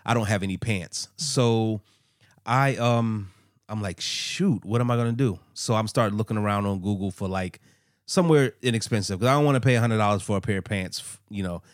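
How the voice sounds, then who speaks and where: A man's voice: lowish voice, fairly quick, no echo, clean studio sound. A man co-hosting a podcast, telling stories in a loose, rambling way with lots of fillers. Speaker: podcast co-host. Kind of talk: casual chat.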